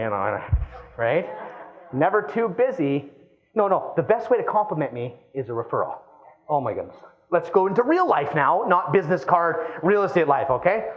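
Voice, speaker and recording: A man in his thirties giving a live keynote talk, lively and playful, acting out quoted voices as he goes. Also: high voice, brisk, dull audio. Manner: animated, acts out quoted voices. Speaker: keynote speaker.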